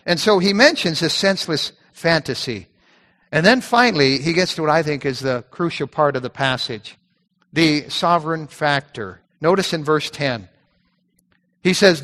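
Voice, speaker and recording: Man, pastor, sermon, slightly high voice, conversational, repeats words, long church reverb. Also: fairly bright tone. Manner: conversational preaching, repeats words, reads scripture slowly.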